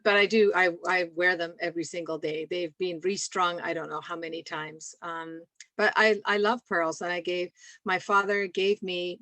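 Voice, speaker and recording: A woman's voice: lowish voice, no echo. Scottish woman, 60s, rambling and laughing, dry video-call sound. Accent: softened Scottish. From Scotland. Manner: warm, rambling, laughs often. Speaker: guest speaker. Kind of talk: casual chat on a video call.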